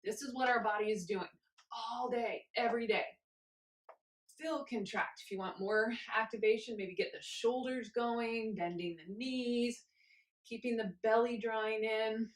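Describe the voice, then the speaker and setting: A woman instructor leading a guided movement class, cueing each step gently and chanting rhythmic counts while moving along herself. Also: a little high, unhurried, reverberant, poor audio.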